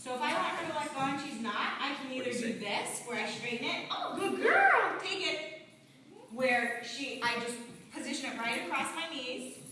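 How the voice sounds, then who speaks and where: Woman dog trainer, upbeat class instructor, fairly high voice, echoey hall, heard from across the room. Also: fairly quick, sharp tone, distant mic, slight background noise. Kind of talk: teaching a puppy class. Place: large indoor training hall. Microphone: camera mic from across the room.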